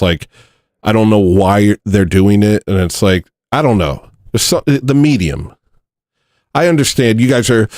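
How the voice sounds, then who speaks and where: Guy with a low voice doing a rambly self-deprecating livestream, dry close mic. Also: a little mellow, no echo. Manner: rambling, self-deprecating, reads chat messages and verses aloud. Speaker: livestream host. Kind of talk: casual livestream chat.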